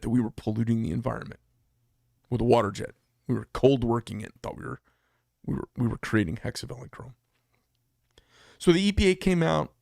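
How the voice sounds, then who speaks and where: A man's voice: mid-range voice, gravelly, a little mellow, no echo, clean studio sound. A man and business owner giving a blunt, heated casual monologue, telling a story with asides. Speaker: business owner talking to camera.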